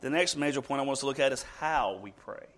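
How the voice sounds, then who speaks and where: A man preaching a sermon to a congregation, asking rhetorical questions and moving between loud emphatic lines and soft, slowed ones. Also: mid-range voice.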